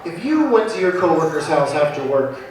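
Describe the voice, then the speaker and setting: High-voiced man doing stand-up. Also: sing-song, a little fast. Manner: loose, profane, self-mocking storytelling. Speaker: stand-up comedian. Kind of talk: stand-up comedy set. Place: comedy venue in front of a live audience. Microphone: handheld microphone. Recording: echoey room taped from far off, with crowd. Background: audience laughter and heckling.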